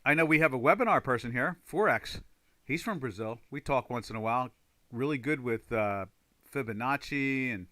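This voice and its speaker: A man's voice: medium pitch, bright, forceful tone, dry recording. A man hosting a live trading stream, chatting casually, rambling with many fillers and reading viewer comments aloud. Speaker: trading livestream host.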